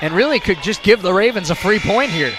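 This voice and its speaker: A man calling a basketball game play-by-play, shouting excitedly and a little out of breath. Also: sits high, brisk. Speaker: play-by-play announcer. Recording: broadcast with loud crowd and music behind. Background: crowd noise and music.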